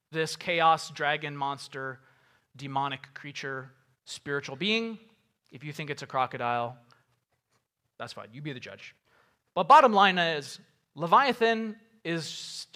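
A man delivers a sermon in a high, bright voice. He reads scripture aloud, then breaks into casual paraphrase. His emphasis climbs on each rhetorical question. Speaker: pastor.

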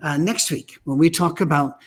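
A man with a fairly high voice delivers a weekly preaching message on church teaching at a moderate pace. He tells stories in a blunt, emphatic, conversational way.

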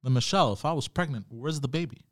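Young male solo podcaster. Casual, profane, animated storytelling. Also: medium pitch, fast. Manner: profane, animated storyteller reading chat comments. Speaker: podcast host.

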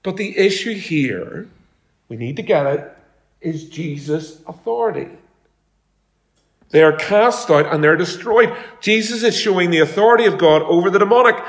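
A man's voice: high-pitched, animated, normal speed. A man preaching a sermon as pastor, talking in a conversational way and telling homely stories. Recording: echoey room.

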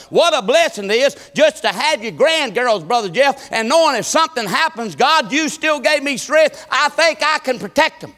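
A pastor in his fifties with an unusually high voice for a man preaches a rhythmic church sermon. He climbs to shouted appeals, then drops into quiet, folksy asides.

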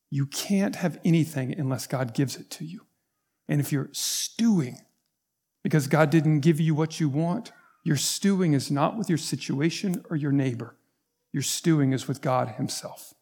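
Male pastor, slightly high voice, earnest sermon delivery that builds to emphatic points. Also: unhurried, a little mellow, husky. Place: church.

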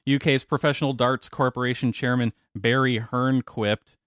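A man's voice: mid-range voice, moderate pace, no room sound, studio quality. A man hosting a casual podcast, joking, laughing often and reading out news items. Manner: jokey, laughs often, voice jumps up when excited. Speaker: podcast host.

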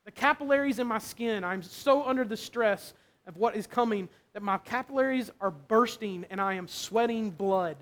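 High voiced pastor guy preaching, chatty, keeps asking right?. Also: normal speed, a bit bright. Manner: conversational, checks in with "right?". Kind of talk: sermon.

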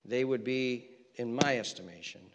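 A man preaching a sermon as pastor, impassioned, repeating phrases and swinging between loud peaks and hushed lines. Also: medium pitch, normal speed, big-room sound, dull audio, background noise.

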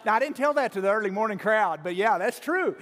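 A man preaching a sermon, telling a story in a folksy, animated way with frequent restarts, in a church sanctuary. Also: high-pitched, fast talker. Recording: long hall reverb.

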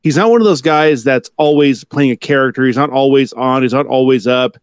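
A man's voice: medium pitch, fairly quick, clean tone, no room sound, clean studio sound. Rambling, hesitant man in casual chat. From United States. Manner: rambling, self-correcting, hesitant with fillers. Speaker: podcast co-host.

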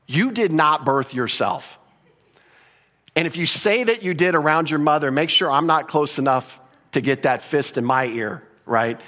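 A man with a slightly higher-than-usual voice preaches a sermon. His delivery is emphatic yet conversational, full of repetition and casual asides to the congregation. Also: a bit bright. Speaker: pastor.

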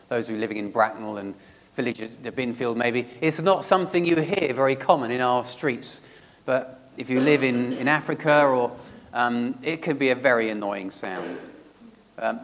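Preacher in a reverberant church hall. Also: male voice, medium pitch. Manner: reads scripture aloud then asks searching questions. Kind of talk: sermon.

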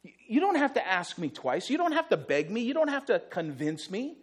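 A man's voice: high voice, big pitch swings, a little fast, husky, exaggerated voice. A man voicing an eager, generous healer who insists emphatically that he is willing.

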